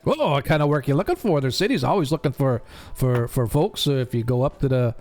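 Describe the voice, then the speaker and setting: A man's voice: medium pitch, animated, brisk, a little mellow, faint music behind, close to an everyday voice. A man voicing a roguish male half-elf barkeeper in his thirties, chatty and ingratiating as he serves drinks. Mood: welcoming. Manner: ingratiating, chatty host banter.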